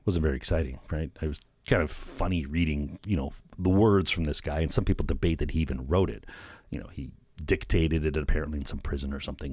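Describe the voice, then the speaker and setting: A man's voice: low-pitched, darkish tone, dry recording, clean studio sound. A man hosting a solo talk show, rambling casually, peppering his talk with "you know" and "right?" and chuckling at his own remarks. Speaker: podcast host.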